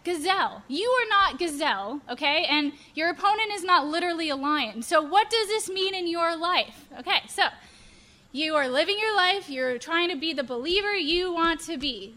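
A young woman preaching to a youth group, animated and playful, acting out examples. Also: high-pitched, normal speed. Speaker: youth pastor.

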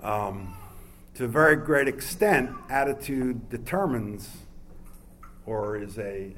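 A man from New York delivers a sermon in a relaxed, talky way, full of fillers and asides. His voice sits at an ordinary middle pitch. A faint hiss runs under the recording. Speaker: pastor.

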